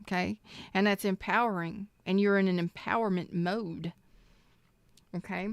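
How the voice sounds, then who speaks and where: A woman reads tarot live in a loose, emphatic way, swearing freely and preaching at her viewers. Her voice is smooth and clear. It sounds dry and close, with no room around it. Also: mid-range voice, steady tone, a little slow, no echo. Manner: emotional, close to tears. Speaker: tarot reader.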